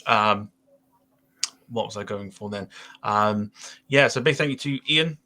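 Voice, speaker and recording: A man hosts a laid-back podcast with a bright, forceful tone. His speech rambles along with frequent fillers like "um" and "uh", and he keeps the chat loose and friendly. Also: on the low side, measured pace. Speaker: podcast host.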